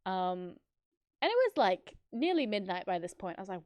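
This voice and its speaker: A woman's voice: normal speed, no echo, highs cut off. A young woman telling a travel story in casual stream chat, swearing often and acting out what people said. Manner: animated, swears a lot, acts out quotes in higher voices.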